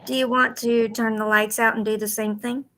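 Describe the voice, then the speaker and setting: A woman's voice: fairly high pitch, flat delivery, normal speed, fairly bright tone, slight background noise. A woman panelist on a video call, direct and teasing. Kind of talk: casual chat.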